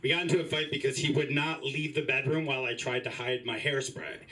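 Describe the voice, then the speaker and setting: A man's voice: mid-range voice, fairly even intonation, brisk, distant mic, noisy background. A man doing open mic stand-up in a small comedy club, chatty and rambling, full of fillers and voiced asides.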